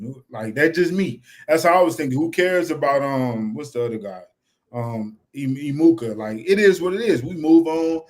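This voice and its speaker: A young man, chatting casually and animatedly as a fan-show co-host. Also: mid-range voice. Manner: animated, repeats "you know what I'm saying".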